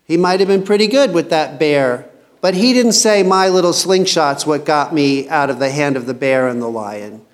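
A man's voice: fairly high pitch, moderate pace. A man teaching a Bible passage in a casual sermon, reading scripture aloud and commenting in a chatty, joking way.

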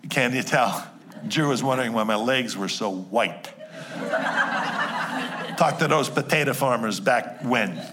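A man's voice: medium pitch, heavy background noise. A man preaching a sermon in a New Jersey accent, talking in a chatty, joking way with asides to his congregation. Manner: conversational and jokey, quick asides to the congregation. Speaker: pastor.

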